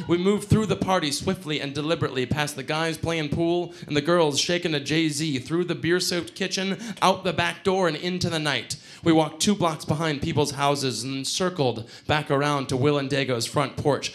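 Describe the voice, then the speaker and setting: Young guy, fairly high voice, cursing storyteller with wry, lively timing. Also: normal speed. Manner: profane, wry, animated delivery. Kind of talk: live storytelling performance.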